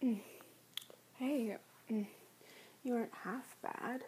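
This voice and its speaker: A woman performing an adult audio role-play, teasing and sarcastic, often slipping into soft whispers. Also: fairly high pitch, slow pace, a little hiss or hum.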